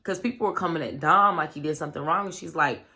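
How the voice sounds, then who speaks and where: Low-voiced, bright woman gossiping casually. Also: quick pace. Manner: loose, chatty, packed with "like" and "you know what I'm saying". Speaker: vlogger recapping a reality show. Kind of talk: casual storytelling recap.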